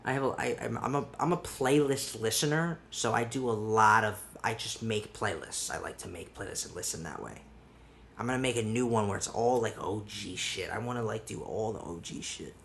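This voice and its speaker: A man's voice: lowish voice, fairly quick, vocal fry, a bit bright, slight background noise. A man hosting a solo podcast in casual chat, rambling with restarts and casual swearing. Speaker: podcast host.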